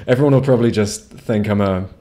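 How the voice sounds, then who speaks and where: Low-voiced rambling gamer. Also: male voice, warm tone. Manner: rambling, profane, frequent restarts. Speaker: gamer streaming a playthrough. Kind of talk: casual gameplay commentary. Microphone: home streaming microphone.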